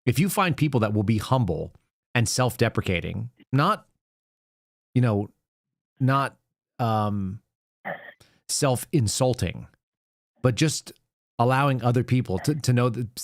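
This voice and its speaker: Earnest low-voiced man host. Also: no room sound, clean studio sound. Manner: earnest, explains with step-by-step examples. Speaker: call-in show host. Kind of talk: casual advice chat.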